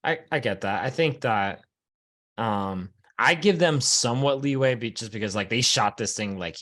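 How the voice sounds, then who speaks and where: A man on a roundtable podcast panel, speaking in a measured, hedging way with many fillers. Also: mid-range voice, expressive, fairly bright tone. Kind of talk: casual roundtable chat.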